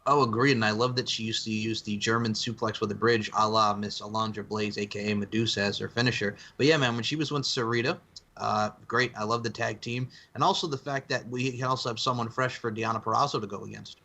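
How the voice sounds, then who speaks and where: Bright-voiced joking podcast man. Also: on the low side, fast talker, gravelly. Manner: animated, laughing, swears, slangy. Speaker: podcast co-host. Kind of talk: casual chat.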